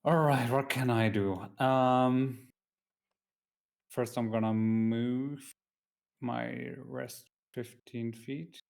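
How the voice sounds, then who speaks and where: A man's voice: mid-range voice, fairly even intonation, drawn-out words, creaky, a little mellow. A man playing a tabletop game on stream, talking hesitantly with many ums. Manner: hesitant, many ums, mutters when he slips. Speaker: player.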